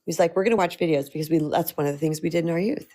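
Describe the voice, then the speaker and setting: A middle-aged woman host telling a personal story in a chatty, animated way, laughing often. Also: low voice, rapid-fire. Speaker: host and self-love coach. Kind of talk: storytelling talk.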